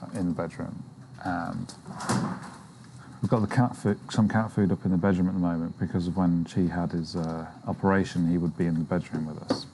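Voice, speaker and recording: A man co-hosting a casual chat, telling an animated story and jumping his voice up high to quote other people. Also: a little fast. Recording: noisy background.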